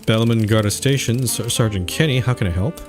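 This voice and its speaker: A man voicing a gruff, rude police sergeant in a shaky put-on Irish accent. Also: low voice, moderate pace, over music, lightly acted.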